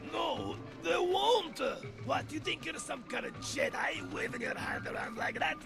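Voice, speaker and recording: Gravelly greedy alien junk dealer, very high squawking voice, wildly swooping, scoffing, film score behind. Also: male voice, wildly swooping pitch, a little slow, exaggerated voice. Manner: scoffing, haggling. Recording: film clip with music behind.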